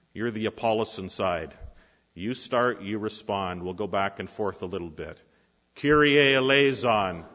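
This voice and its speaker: A man preaching a sermon in a church, asking rhetorical questions with dramatic pauses. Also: lowish voice, fairly bright tone. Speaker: pastor. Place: church sanctuary. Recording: reverberant hall, dull lo-fi sound.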